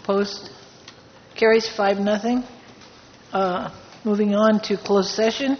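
A woman's voice: mid-range voice, steady tone. Board president, woman, businesslike, keeps things moving; reverberant room, faint hiss. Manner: brisk, businesslike chairing. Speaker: board president chairing a public meeting. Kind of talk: formal meeting procedure. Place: public board meeting room. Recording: echoey hall, dull lo-fi sound, faint noise.

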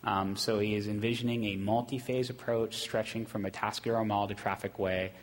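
Man, city staffer, steady near-monotone meeting report, lowish voice, reverberant chamber. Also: brisk. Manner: steady, self-described monotone, many ums. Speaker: city staff presenting to council. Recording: long hall reverb in council chamber.

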